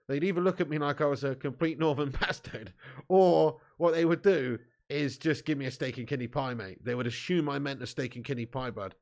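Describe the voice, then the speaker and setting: A young man hosting a live football watch-along, bantering with chat, laughing often, swearing and calling everyone mate. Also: on the high side. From southern England. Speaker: fan channel host.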